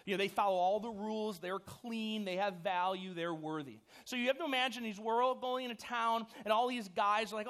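A youth pastor with a notably high voice preaches to a group of young teens. He talks loosely and animatedly, full of "like" and "you know". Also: a little fast, few pauses, a bit bright. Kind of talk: sermon.

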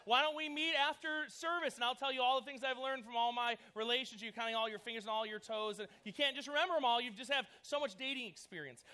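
A man, preaching a casual sermon to young people, telling stories with lots of fillers. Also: high-pitched. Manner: energetic, chatty storytelling with many fillers. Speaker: youth pastor.

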